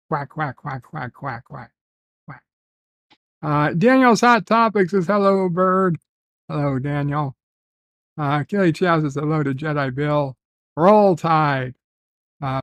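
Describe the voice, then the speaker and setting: A man hosting a casual livestream, reading viewer comments aloud and telling rambling stories with many filler pauses. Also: on the high side. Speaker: livestream host.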